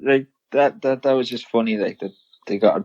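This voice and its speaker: A man's voice: medium pitch, moderate pace, a little mellow, lo-fi sound. A man co-hosting a podcast in casual chat, laughing a lot and adding short reactions. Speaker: podcast co-host.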